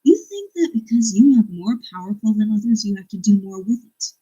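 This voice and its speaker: A woman reading aloud the lines of a gentle older man giving earnest counsel, in a husky, breathy voice. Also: medium pitch, expressive, brisk, highs cut off.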